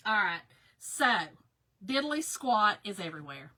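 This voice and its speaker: A woman's voice: medium pitch, big pitch swings, unhurried, sharp tone, slight background noise. A woman with a Southern American accent, chatting casually with viewers on a craft livestream while she works, laughing often and greeting people by name. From Southern United States.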